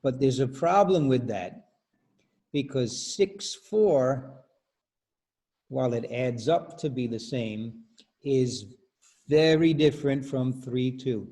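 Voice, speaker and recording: A man's voice: mid-range voice, animated, takes it slowly, pauses often, warm tone. A man teaching rhythm as a choral director in an online workshop, patiently explaining and counting beats aloud over a video call.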